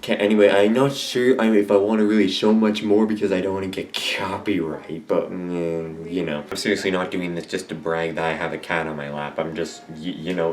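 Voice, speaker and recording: A man giving a casual, rambling and jokey review of a show at home, often correcting himself. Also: low-pitched. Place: at home with a cat on his lap.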